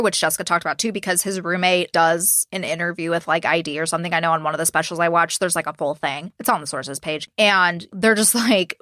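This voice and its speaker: A woman's voice: on the low side, pushed and bright, dry recording, clean studio sound. A woman co-hosting a true-crime podcast, retelling events bluntly and profanely, acting out the quotes. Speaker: podcast co-host.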